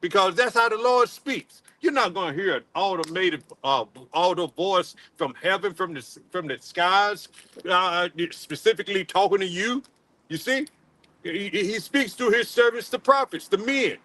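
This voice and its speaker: A man preaching a sermon in a halting, repetitive way, full of fillers, and calling on another man to read scripture aloud. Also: high voice, lively intonation, bright, forceful tone, poor audio. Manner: halting, repeats words, many fillers, calls on a reader. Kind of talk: street-style sermon with scripture reading.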